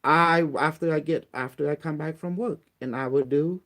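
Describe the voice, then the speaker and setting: A man's voice: a little high, normal speed, a crowd in the background. A man with non-native grammar ranting bluntly and profanely as a channel host. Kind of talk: casual rant on a phone call.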